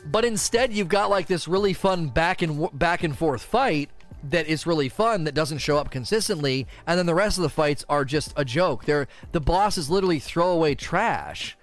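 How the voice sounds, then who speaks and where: A man streaming casual gaming commentary, answering community questions in an animated, exasperated rant with frequent repetitions. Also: on the high side, normal speed, soft background music.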